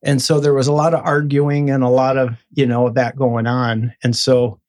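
A man in an interview telling his own story in a casual, animated way, acting out the voices of people he quotes. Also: moderate pace. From Michigan. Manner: animated, acts out quoted voices with sudden high bursts.

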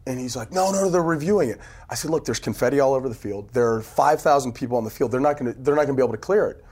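A man telling stories in a casual podcast chat, animated and laughing often, acting out what people said. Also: mid-range voice, very fast, breathy edge. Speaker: team PR executive telling stories. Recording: phone interview audio.

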